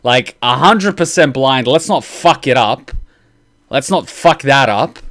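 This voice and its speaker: A man hosting a casual reaction video, gushing excitedly and swearing like a big fan. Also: medium pitch, a little slow, no echo, studio quality.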